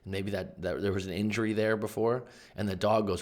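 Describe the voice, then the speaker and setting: A man with a fairly low voice gives casual, emphatic commentary as a life coach. He talks conversationally, now and then jumping into loud bursts to drive a point home. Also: brisk, few pauses. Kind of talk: casual explanatory book commentary.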